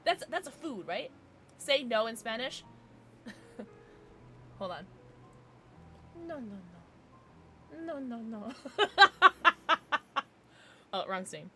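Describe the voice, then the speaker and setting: A woman's voice: a little high, big pitch swings, very slow, long pauses, bright, forceful tone, slight background noise. A woman streamer chatting casually with her live viewers, giggling often as she reacts to the chat.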